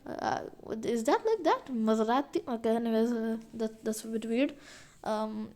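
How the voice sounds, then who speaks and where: A woman's voice: on the high side, very animated, normal speed, mellow. A woman giving casual gaming commentary, rambling and hesitant with many fillers and restarts. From India. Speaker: gaming video creator. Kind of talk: casual game update commentary.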